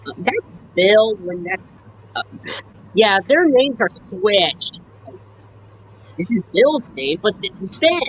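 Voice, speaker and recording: A woman chatting casually on a video call in a halting way, with fillers. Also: mid-range voice, big pitch swings, lo-fi sound, a little hiss or hum. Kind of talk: casual chat.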